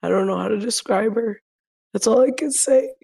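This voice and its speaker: A woman's voice: on the high side, moderate pace, creaky, warm tone, breathy edge. A woman in a casual group chat, talking bluntly, swearing casually and laughing easily.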